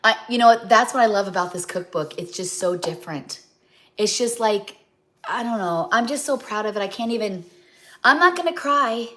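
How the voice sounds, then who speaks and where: A woman's voice: mid-range voice, animated, moderate pace, a bit bright. A middle-aged woman chatting casually on a livestream as a home cook, rambling and often losing her train of thought, heartfelt and talking straight to her viewers. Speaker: home cook and cookbook author hosting a livestream.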